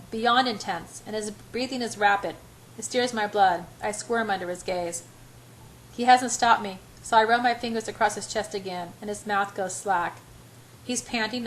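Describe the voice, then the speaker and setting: A woman's voice: mid-range voice, normal speed, slight background noise, low-quality recording. Woman reading a romance novel aloud. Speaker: audiobook reader.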